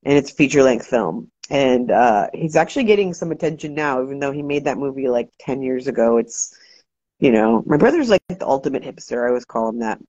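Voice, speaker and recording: A woman hosting a casual livestream, talking fast and loose, swearing freely and ranting, shouting out viewers. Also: extremely low pitch, no echo. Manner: profane, animated, ranting. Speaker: livestream host. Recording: dry, dull lo-fi sound.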